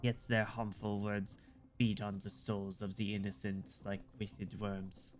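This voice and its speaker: A ragged condemned man makes his last grand speech in solemn, measured oratory, as a male streamer reads him aloud. The voice sits low and is kept quiet. Soft music plays faintly beneath. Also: level tone, lightly acted. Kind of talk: dramatic reading of game dialogue.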